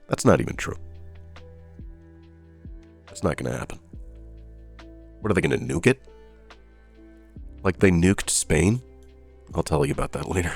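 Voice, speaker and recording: A man with a deep voice runs a casual news commentary show, breaking off from the headlines into sarcastic, disbelieving remarks. Faint music sits under his talk. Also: expressive, a little slow, vocal fry, pauses often, darkish tone, slightly rough. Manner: sarcastic, incredulous asides.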